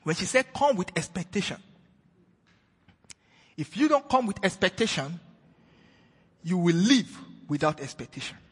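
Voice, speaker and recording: This preacher takes his time and pauses often, his voice very husky and breathy with a lively, swinging pitch. Loud proclamations give way to quiet scripture retellings, all echoing with the long reverb of a church hall.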